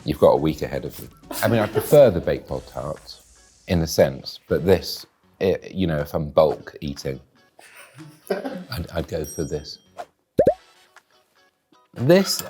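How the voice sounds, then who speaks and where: A man giving deadpan, dry, wordy commentary while tasting food in a studio. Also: very deep voice, a little slow, faint music behind. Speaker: guest taste-testing food.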